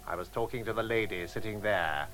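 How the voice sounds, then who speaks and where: An actor playing a cold, threatening gangster with a gun in a radio drama for language learners. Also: male voice, lowish voice, brisk, fairly bright tone, faint music behind, lightly acted. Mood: menacing. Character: menacing male gangster with a gun.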